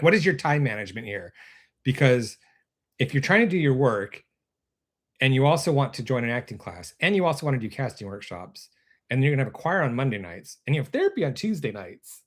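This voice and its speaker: A man hosting a casual live stream from his computer, rambling and interrupting himself, laughing often, with his voice going a bit hoarse. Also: mid-range voice, a bit bright. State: losing his voice. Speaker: actor and web series creator hosting a live stream.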